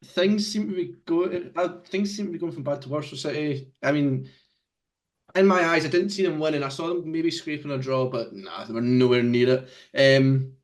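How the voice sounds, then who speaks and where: A man's voice: a little high, normal speed. A man hosting a casual football podcast, joking around and steering the talk with questions. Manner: jokey, leads the discussion with questions. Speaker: podcast host.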